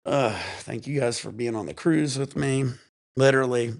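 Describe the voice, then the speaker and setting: Gravelly, profane man rambling casually. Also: medium pitch, normal speed, no echo, clean studio sound. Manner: rambling, profane, laid-back. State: high while talking. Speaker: vlog host. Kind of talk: casual chat.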